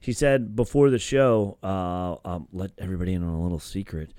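A man's voice: deep voice, fairly even intonation, a little fast, dark tone, smooth, no room sound, studio quality. A young man co-hosting a casual podcast, explaining things in an easygoing way. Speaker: podcast co-host.

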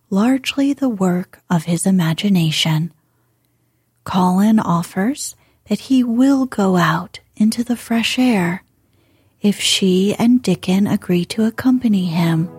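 Sleep-story host, woman, slow and husky, mellow, close and dry, soft music under. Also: medium pitch, dry recording. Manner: slow, soft and soothing, drifting into whispers. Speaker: podcast host and reader.

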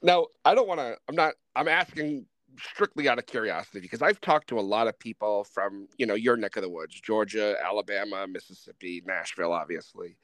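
Relaxed Northern US host, dry sound. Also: male voice, lowish voice, fairly quick, no echo. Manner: relaxed, rambling, many fillers. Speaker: podcast host. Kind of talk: casual interview chat.

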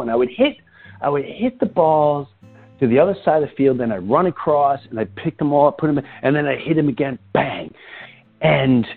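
A man with a slightly raised, husky voice tells a story to a friend, acting out every exchange. His pitch rises and swoops widely. The sound is thin and tinny, like a phone line. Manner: excited, breathless retelling with quoted dialogue. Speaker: podcast host. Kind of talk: animated storytelling.

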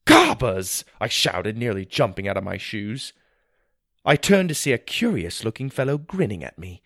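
A man narrating a children's fantasy story in the first person, with an expressive, wonder-filled delivery. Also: on the low side, moderate pace, no echo.

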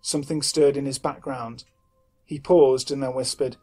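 A man narrating a horror story in a measured, somber way. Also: mid-range voice, fairly even intonation, a little mellow, husky, soft background music.

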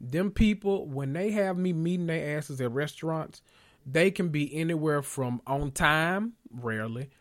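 Man, casual TV recap host, animated, swears a lot, slightly high voice. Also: measured pace. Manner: animated, profane, joking asides. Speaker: podcast host recapping a TV episode. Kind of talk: casual chat.

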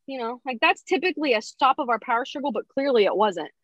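A woman's voice: high voice, fast, no echo. A woman, a mother of young children, chatting casually as a podcast guest and acting out quoted dialogue with lots of laughter. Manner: animated, acts out quoted dialogue, laughs often. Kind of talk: casual storytelling chat.

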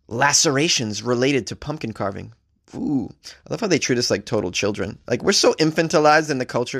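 A man's voice: mid-range voice, fairly bright tone. Male host, casual news commentary, sarcastic rambling delivery, swears freely. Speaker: host reading and reacting to news stories. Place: staying in a hotel abroad.

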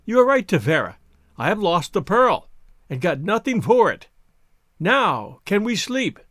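A frightened island husband talks in faltering, nervous tones, as a male narrator plays him. His voice sits high and swings widely in pitch. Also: very animated, unhurried, a bit bright, dry recording, clean studio sound, full character voice. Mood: weary.

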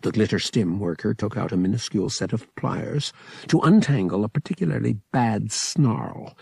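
A man narrating an adventure novel as an audiobook reader, in a measured storytelling manner. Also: mid-range voice, creaky, a little mellow, breathy edge, dry recording. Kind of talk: scripted narration.

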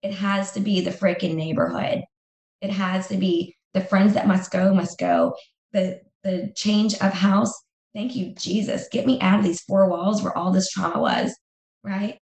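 A woman's voice: medium pitch, fairly even intonation, measured pace, darkish tone, echoey room. A woman speaking as an interview guest in a candid conversation, emphatic and repeating phrases for effect.

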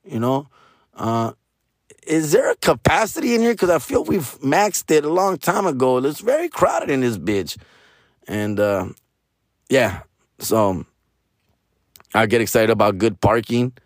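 A comedian in his forties talking casually in a hoarse, raspy voice. He swears freely, drops Spanish slang, and keeps ending lines with "fool" and "bro". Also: lowish voice, dry recording, studio quality. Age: 40s. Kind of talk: casual monologue.

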